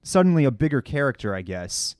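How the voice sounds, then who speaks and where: A man co-hosting a podcast, chatting about a show in a relaxed, slangy manner. His voice sits in a middle register, and the recording is dry and close. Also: medium pitch, a little fast, no echo. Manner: laid-back, slangy. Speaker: podcast co-host. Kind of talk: casual chat about a TV episode.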